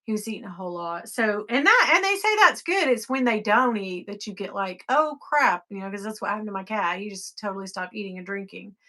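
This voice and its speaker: A middle-aged woman hosts a casual livestream, answering viewers in loose, rambling talk. Her voice is bright and forward, with a lot of swing. She drops into quiet, sighing stretches and then springs up into high, excited bursts. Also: fast talker, few pauses. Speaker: livestream host. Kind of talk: casual live chat reading comments.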